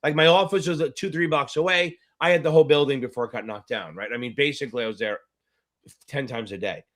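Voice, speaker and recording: A man's voice: medium pitch, fast talker, a bit bright. A middle-aged man tutoring on a casual live-stream Q&A, talking in a rambling, chatty way and swearing now and then. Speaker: exam tutor.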